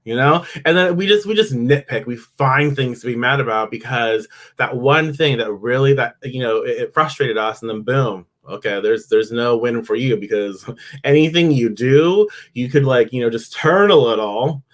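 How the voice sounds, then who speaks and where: A chatty man hosting a live oracle card reading talks loosely and conversationally. He breaks off to greet viewers by name and slips into little grumbling voices to make his point. His speech is middle in pitch. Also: normal speed, a bit bright. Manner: acts out grumbling inner voices. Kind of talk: casual live-stream spiritual talk.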